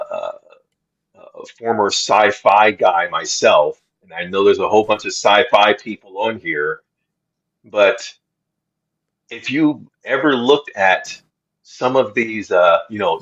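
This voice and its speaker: Man, lower voice, husky, slow earnest Bible chat, dull lo-fi sound. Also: fairly bright tone. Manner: slow, earnest preaching tone with many restarts. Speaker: co-host of faith podcast. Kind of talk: casual Bible discussion.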